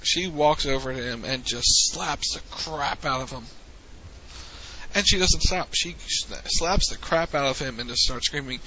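A man hosting a casual wrestling recap podcast, relaxed and teasing, recounting matches play by play. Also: medium pitch, a little slow, highs cut off, slight background noise. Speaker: podcast host.

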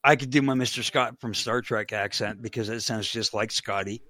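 A man's voice: medium pitch, moderate pace, sharp tone, no room sound. Rambling joking Canadian-raised man. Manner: rambling, joking, restarts often. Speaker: co-host. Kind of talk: casual podcast chat.

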